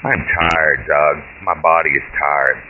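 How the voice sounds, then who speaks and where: A man's voice: a bass voice, fairly even intonation, slow pace. A man voicing a frail, foul-mouthed, bossy old great-grandmother in a short story, speaking bluntly and commandingly. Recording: tinny phone-like line with hiss.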